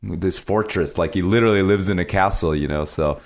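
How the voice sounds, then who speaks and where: A man's voice: low voice, a little fast. A man hosting a podcast interview, chatting casually with joking asides and frequent laughter. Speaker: podcast host.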